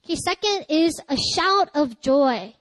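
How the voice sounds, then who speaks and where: A female pastor's sermon moves a little slowly but stays lively and chatty, with frequent laughs and bursts of loud crying out. Her voice is high, the sound dry and close-miked with no room sound, and the recording quality is poor.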